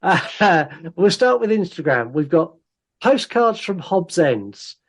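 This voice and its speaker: During a casual podcast chat, a male co-host with a high voice takes his time reading listener comments aloud, animated and using put-on voices.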